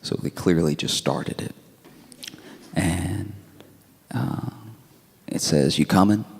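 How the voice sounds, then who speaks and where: A man telling a stand-up story on a comedy club stage, laid-back and deadpan, acting out text messages. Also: low voice, extremely slow, vocal fry, husky. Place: comedy club stage before a laughing audience.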